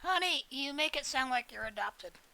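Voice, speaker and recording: A woman's voice: high voice, expressive, normal speed, creaky, pushed and bright, low-quality recording. A woman streaming a video game, chatting casually in a rambling, joking way with plenty of swearing. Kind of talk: casual live-stream chat while gaming.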